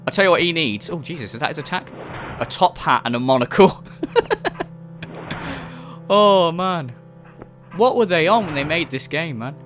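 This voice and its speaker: A man's voice: a little high, animated, fast, a bit bright, faint music behind. A young man giving jokey, sarcastic let's-play commentary, swearing casually as he explores. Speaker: gaming YouTuber.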